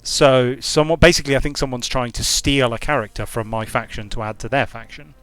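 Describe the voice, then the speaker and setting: This is a young man's mid-range voice, fairly quick and fairly bright, recorded cleanly with no room sound and faint music behind. A game designer streaming a strategy game from a hot room at home, he thinks aloud in a rambling way and keeps breaking off mid-sentence.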